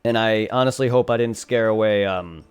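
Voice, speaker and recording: A man's voice: lowish voice, moderate pace, clean tone. A young man chatting casually on a live game stream, rambling and correcting himself as he talks into a desktop condenser mic. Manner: rambling, self-correcting, reads game dialogue aloud. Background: faint music and computer fan hum.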